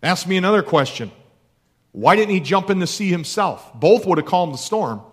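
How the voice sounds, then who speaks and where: A man's voice: high-pitched, expressive, moderate pace, husky. A man preaching a sermon in a conversational, emphatic way, repeating key phrases. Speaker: pastor.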